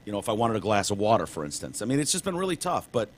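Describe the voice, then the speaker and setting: A man's voice: fairly low pitch, big pitch swings, very fast. A man co-hosting a podcast in casual chat, rambling with lots of fillers and swearing. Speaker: podcast co-host.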